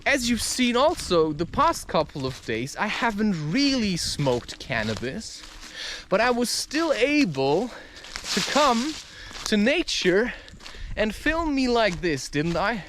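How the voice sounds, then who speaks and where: A man with a very high, lively voice talks unhurriedly while walking in a forest. His casual monologue is playful and profane, full of mock voices. Faint noise sits under the outdoor talk. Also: takes it slowly. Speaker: vlogger and podcast host.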